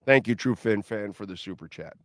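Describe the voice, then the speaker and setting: A man's voice: lowish voice, a little fast, no room sound, studio quality. A middle-aged man hosting a sports talk radio show, ranting bluntly and lecturing listeners.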